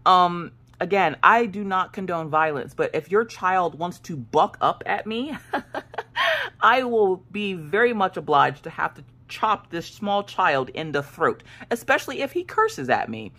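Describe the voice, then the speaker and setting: A woman in her late thirties, a crafting vlogger, telling a story in casual chat with a sassy, animated manner and acted-out quotes. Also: fairly low pitch, a little slow. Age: 30s.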